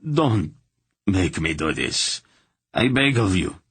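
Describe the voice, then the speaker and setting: A man's voice: sits low, big pitch swings, takes it slowly, a bit bright, slightly rough, dry recording, heavily acted. A man doing a tormented fanatical zealot. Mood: anguished. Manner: pleading, strained. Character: tormented fanatical male cave-dweller, anguished zealot.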